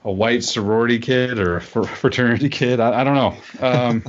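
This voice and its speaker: A man's voice: medium pitch, a little fast. A man co-hosting a casual political podcast, rambling with frequent fillers and restarts. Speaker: podcast co-host. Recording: dull lo-fi podcast audio.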